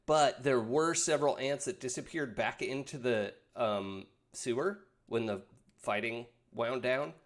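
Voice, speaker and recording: Male game master, tabletop role-play, hesitant, lots of ums, mid-pitched voice. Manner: halting, with many fillers and laughs.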